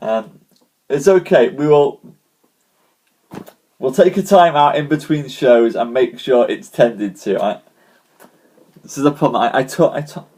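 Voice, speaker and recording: A man with a scratchy, hoarse throat, chatting casually with live-stream viewers before telling a story, greeting them by name and calling them ladies and gents. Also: mid-range voice, unhurried, pauses often, a little mellow.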